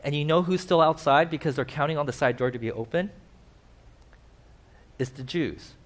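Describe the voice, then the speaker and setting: Animated man preaching a sermon. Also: moderate pace. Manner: animated, acts out quoted characters with sudden pitch jumps. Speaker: pastor. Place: church.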